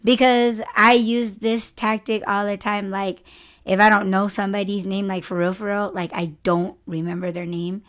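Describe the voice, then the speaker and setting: A young woman hosting a podcast in casual chat, telling animated stories and acting out what other people said. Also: medium pitch, normal speed. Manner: animated storytelling, frequent laughter, acts out others' lines. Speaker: podcast host.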